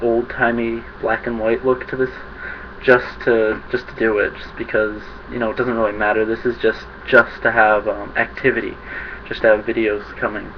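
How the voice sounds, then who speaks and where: Rambling young guy vlogging. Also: medium pitch. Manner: rambling, self-conscious, laughs at himself. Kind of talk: casual rambling monologue. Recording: dull lo-fi webcam audio with faint hiss.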